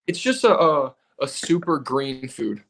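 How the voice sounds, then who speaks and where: A man's voice: medium pitch, measured pace, creaky. Tired, easygoing man chatting on a live stream. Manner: relaxed, rambling, reads comments aloud. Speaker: co-host, personal trainer. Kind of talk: casual live-stream chat.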